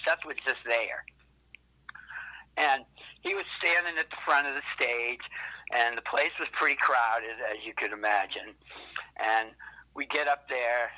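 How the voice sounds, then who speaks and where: A man's voice: medium pitch, bright, forceful tone, poor audio. A man being interviewed, telling rambling, profane stories with lots of self-correcting asides. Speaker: interviewed musician. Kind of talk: casual interview storytelling.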